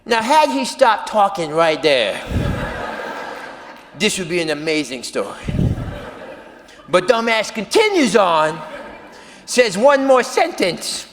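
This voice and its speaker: A stand-up comedian telling a story on a live stage, loud and animated, dropping to mumbled self-talk. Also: male voice, sits high, slow pace, pauses often. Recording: live hall reverb with audience noise.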